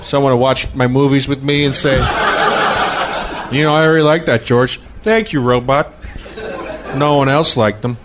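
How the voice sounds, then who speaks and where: A man's voice: medium pitch, moderate pace, long pauses, close to an everyday voice. A man doing a giggling comedy impression of an older filmmaker, rambling and breaking character on a noisy podcast. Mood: wistful rambling.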